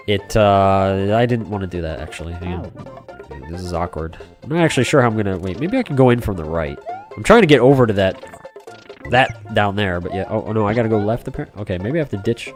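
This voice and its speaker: Chatty game-streaming man, lowish voice. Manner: chatty, rambling, talks to chat by name, many fillers and restarts. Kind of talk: casual live-stream chat while playing.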